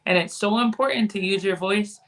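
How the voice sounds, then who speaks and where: A woman's voice: medium pitch, a little fast, a bit bright. A woman speaking as a podcast guest in casual conversation, candid and frank, now and then cussing.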